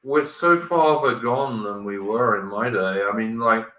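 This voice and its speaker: A man's voice: lowish voice, measured pace, a bit bright. Roomy, distant middle-aged man ranting. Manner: emphatic, ranting. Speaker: stream host. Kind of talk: casual political chat.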